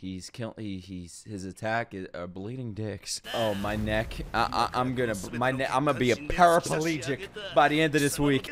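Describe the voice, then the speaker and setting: A man giving excitable reaction commentary on an anime, with loud, profane outbursts and laughing exclamations. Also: mid-range voice, normal speed, few pauses. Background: faint anime soundtrack music.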